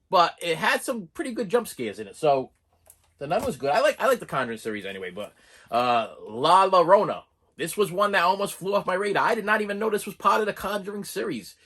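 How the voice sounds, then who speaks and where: Husky-voiced man rambling about movies. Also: fairly high pitch, sharp tone. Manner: rambling, with frequent restarts and asides. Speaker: movie collection reviewer. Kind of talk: casual rambling vlog talk.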